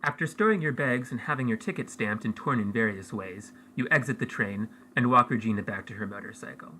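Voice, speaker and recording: A man narrates a story game with a bright, forceful voice. He reads in a measured, clear way, leading his friends through the scenes. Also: fairly low pitch, slight background noise, poor audio. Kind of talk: reading interactive fiction aloud.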